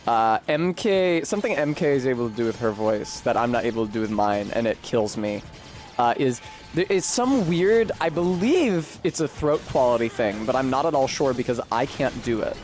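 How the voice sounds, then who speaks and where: A man's voice: mid-range voice, sing-song, normal speed, darkish tone, faint music behind. A man streaming a video game, chatting casually in a rambling, profane, self-deprecating way. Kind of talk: casual gameplay commentary.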